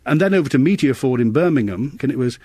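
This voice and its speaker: Male voice-over artist, interview; lively anecdotal delivery, mid pitch, dry close sound. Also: quick pace, slightly rough, dry recording. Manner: lively storyteller, vivid turns of phrase.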